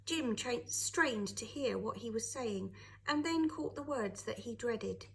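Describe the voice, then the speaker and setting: Animated woman reading a story aloud. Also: on the high side, measured pace, creaky, rough recording. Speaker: teacher. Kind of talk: reading a children's novel aloud.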